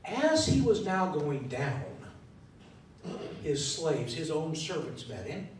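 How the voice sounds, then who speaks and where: A man's voice: big pitch swings, slow. A man preaching a sermon in a church, thinking aloud in a conversational way and asking the congregation questions. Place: church sanctuary. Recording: echoey hall from far off, faint rumble.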